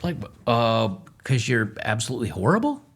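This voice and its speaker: A man's voice: mid-range voice, very animated, moderate pace, creaky, fairly bright tone, breathy edge. A man hosting a reaction commentary, scornful and lecturing, repeating his points. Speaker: commentary host.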